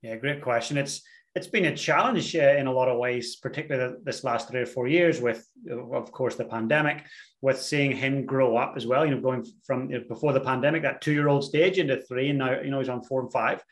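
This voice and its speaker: A man in his thirties, an entrepreneur and coach, speaking reflectively as a guest on a podcast. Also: mid-range voice. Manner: thoughtful, reflective, with pauses and fillers. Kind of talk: conversational interview.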